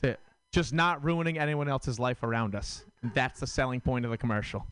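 Male stand-up comic, rambling and self-mocking, smooth clear voice, dry close sound. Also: medium pitch, fairly even intonation, brisk, a bit bright, no echo. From Rhode Island. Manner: rambling, filler-heavy, self-deprecating. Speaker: stand-up comedian. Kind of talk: stand-up set. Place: comedy club stage.

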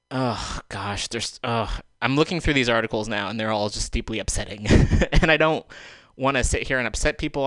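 A man's voice: mid-range voice, bright, forceful tone, clear, resonant tone, no echo, studio quality. Sarcastic, exasperated male radio host. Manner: exasperated, sarcastic, swears when angry. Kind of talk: solo talk radio commentary. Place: radio studio. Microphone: handheld microphone taken off the stand.

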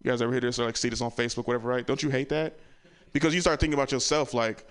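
A man's voice: mid-range voice, racing, fairly bright tone, smooth. Man telling stand-up stories. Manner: loose storytelling, acts out family voices. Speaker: stand-up comedian. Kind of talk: stand-up comedy set.

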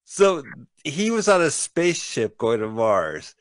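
A man's voice: fairly high pitch, very animated, measured pace, dry recording. A man co-hosting a casual radio show, wryly explaining a movie's plot as they watch. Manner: wry, rambling, explains plots. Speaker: podcast co-host.

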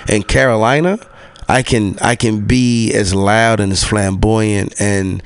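A man's voice: lowish voice, steady tone, unhurried, clean tone, dry recording. A man in his twenties telling a story in casual podcast chat, laid-back and slangy, laughing often.

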